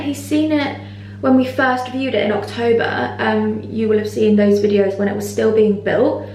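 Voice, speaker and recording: Excitable young woman vlogging. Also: a little high, moderate pace. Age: 20s. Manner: chatty and excitable, with many fillers. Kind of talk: casual vlog chat. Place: indoors, mostly empty new flat. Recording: echoey room, faint background noise.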